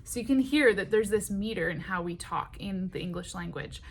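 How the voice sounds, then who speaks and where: A woman teaching songwriting in a patient, unhurried way, with many ums and short sung phrases. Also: mid-range voice, breathy edge.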